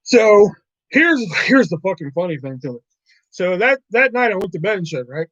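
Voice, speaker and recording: A man's voice: high-pitched, big pitch swings, normal speed, a bit bright, dry recording. A man hosting a live stream at home, telling a rambling, profane story in casual talk and laughing often. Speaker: livestream host. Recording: dull lo-fi dry mic.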